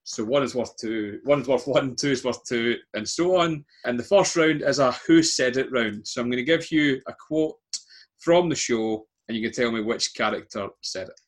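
A Scottish man runs a relaxed online quiz. He talks in a chatty, self-mocking way and laughs often as he keeps score. His voice sits at an everyday middle pitch. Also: normal speed. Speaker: quiz host. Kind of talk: casual quiz hosting.

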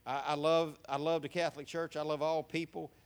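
A man's voice: a little high, little pitch movement, fairly quick, clean tone. A man in his fifties with a Southern American accent, preaching a sermon in a folksy, humorous storytelling manner.

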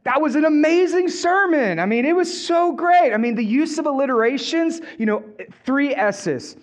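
A man voicing a nervous, flattering male disciple who gushes with praise. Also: very high-pitched, slow, exaggerated voice. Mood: gushing. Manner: gushing, overeager.

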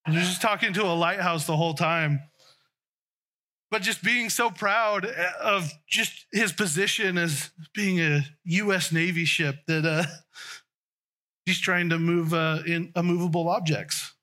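A man's voice: high-pitched, measured pace, pushed and bright. A man preaching a conversational sermon, often restarting and trailing off mid-sentence.

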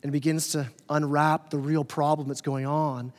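High-voiced pastor in a reverberant church. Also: male voice, little pitch movement, moderate pace. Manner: conversational, playful, acts out quoted characters. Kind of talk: sermon. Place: church sanctuary. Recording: long hall reverb.

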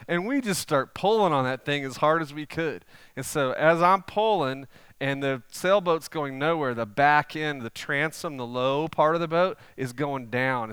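A man, preaching a sermon and telling stories conversationally with sudden animated swells. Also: mid-range voice, smooth, dry recording. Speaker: pastor.

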